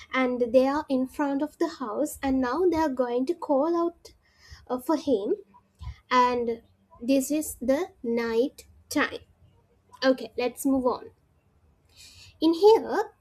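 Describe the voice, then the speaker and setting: A woman teaching a literature lesson, explaining step by step, with frequent "uh" pauses and check-ins of "right?" and "okay?". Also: high voice, darkish tone, low-quality recording. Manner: frequent "uh" hesitations.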